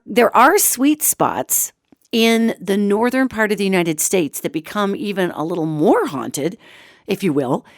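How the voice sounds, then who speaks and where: Hoarse chatty woman hosting a talk show. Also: medium pitch, no room sound, clean studio sound. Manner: chatty and animated, addresses listeners as "gang". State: hoarse from a cold. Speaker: radio show host. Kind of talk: solo talk-show monologue on metaphysics.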